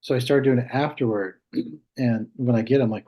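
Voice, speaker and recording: A man's voice: medium pitch, moderate pace. A man in his fifties, an emergency nurse and podcast guest, telling stories in a casual interview and acting out the dialogue. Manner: animated storyteller acting out dialogue. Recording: slightly muffled lo-fi recording.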